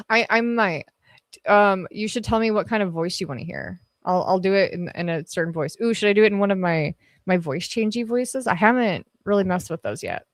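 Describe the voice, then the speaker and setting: Speaking into an arm-mounted podcast dynamic mic at her home setup, a woman hosts a livestream, reading comments and chatting casually with viewers. Her voice is medium-pitched at a normal speed with no echo, and she swears freely and laughs often.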